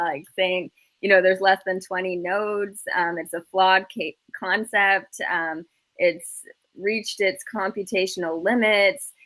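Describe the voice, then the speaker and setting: A woman's voice: medium pitch, bright, forceful tone. Hesitant woman guest recapping news. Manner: measured, hesitant, lots of fillers. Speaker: panel guest. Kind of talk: casual panel chat.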